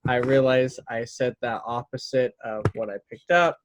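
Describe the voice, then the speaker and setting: A man's voice: medium pitch, steady tone, moderate pace, background noise. A man running a tabletop game as dungeon master, making wry remarks in casual chat.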